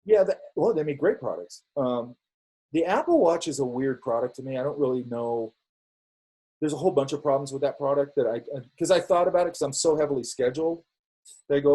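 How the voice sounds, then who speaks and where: A man's voice: mid-range voice, fairly quick, dark tone, slightly rough, poor audio. A man hosting a live class, chatting casually on a tangent and acting out quoted exchanges. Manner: rambling, acts out quoted dialogue. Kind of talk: casual talk.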